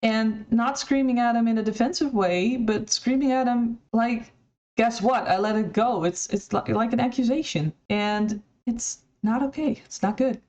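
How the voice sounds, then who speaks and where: A woman's voice: a little high, moderate pace, hardly any pauses, a little mellow, dull audio. A woman commenting critically on recorded clips in a conversational, somewhat hesitant way. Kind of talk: video commentary.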